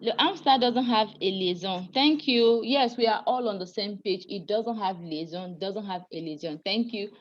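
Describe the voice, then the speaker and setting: A woman's voice: medium pitch, moderate pace, few pauses. A woman teaching a French pronunciation class, explaining sounds patiently, spelling out letters and calling on students to read aloud. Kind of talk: live class lesson. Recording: dull lo-fi recording with faint noise.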